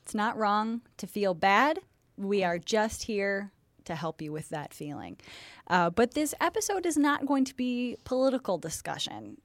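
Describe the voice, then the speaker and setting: A woman with a Chicago accent chats playfully as a podcast co-host. Her voice sits at a middle pitch. The recording is dry and close, with no room sound. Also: measured pace, dry recording. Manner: playful, laughs often, bursts of excitement. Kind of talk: casual chat.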